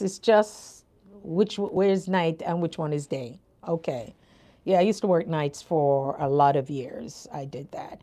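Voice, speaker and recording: With a low, darkish voice, an older woman from Jamaica hosts a casual livestream in her Jamaican accent. She works as a nurse coach, talks with viewers, and often breaks into laughter.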